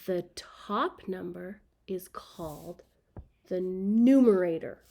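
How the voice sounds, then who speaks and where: A woman's voice: fairly low pitch, takes it slowly, gravelly, mellow. A woman teaching a children's math lesson, speaking patiently and repeating key words so students can write them down.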